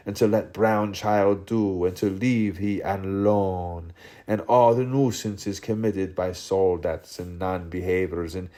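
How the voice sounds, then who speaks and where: A man reading a literary audiobook aloud in a theatrical way, shifting his pitch and loudness between the quoted speakers. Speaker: audiobook reader.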